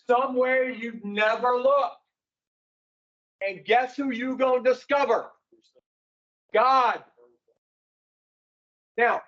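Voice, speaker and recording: A man's voice: very high-pitched, fairly bright tone, highs cut off. A man speaking to an addiction recovery group in a folksy, preaching way, putting rhetorical questions to his listeners.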